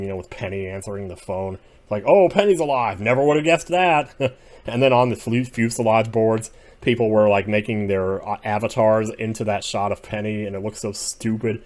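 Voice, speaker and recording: A man giving casual solo commentary as he ranks TV episodes, rambling and opinionated, drifting between quiet muttering and sudden outbursts. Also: fairly low pitch. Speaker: video creator ranking TV episodes.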